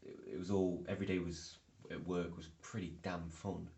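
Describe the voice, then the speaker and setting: A young man chats casually to camera, wandering through his story with frequent fillers and restarts. His voice is very low with a gravelly fry. The room adds a noticeable echo. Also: flat delivery, moderate pace, a little mellow. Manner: rambling, filler-heavy storytelling. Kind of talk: casual vlog chat. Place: indoor room. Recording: echoey room.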